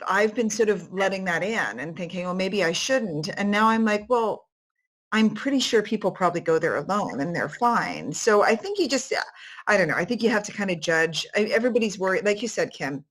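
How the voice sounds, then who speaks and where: A woman in her forties, an author telling stories in a casual interview, lively and quick to laugh. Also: medium pitch. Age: 40s. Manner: animated, laughing storyteller. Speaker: author guest.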